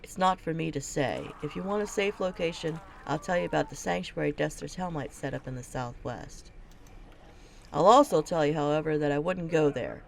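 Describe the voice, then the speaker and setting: A woman's voice: low voice, normal speed, creaky, a little hiss or hum. A woman reading the part of a weary, blunt male gate captain in a fantasy video game, speaking in a curt and dismissive way. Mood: gruff.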